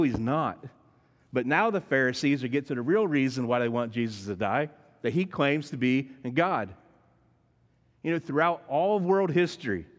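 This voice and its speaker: A man preaching a sermon, telling the story dramatically and shifting between hushed and emphatic lines. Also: medium pitch. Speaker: pastor. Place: church sanctuary. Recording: long reverb in a large church hall.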